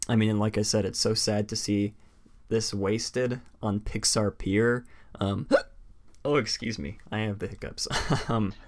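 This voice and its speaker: A man hosting a live stream, chatting casually in a rambling way full of fillers and quick laughs. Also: fairly low pitch. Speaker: stream host.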